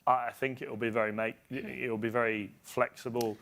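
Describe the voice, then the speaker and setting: A man's voice: medium pitch, flat delivery, a little fast, fairly bright tone. A man working as a football pundit on a live panel. He analyses formations while thinking aloud, often restarting his sentences and hedging as he goes.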